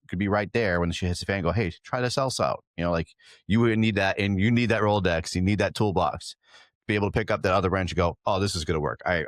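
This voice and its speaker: A man's voice: low voice, no room sound, studio quality. A man hosting a podcast, speaking earnestly and easygoing about sharing fire training knowledge. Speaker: podcast host and fire instructor. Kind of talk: casual podcast chat.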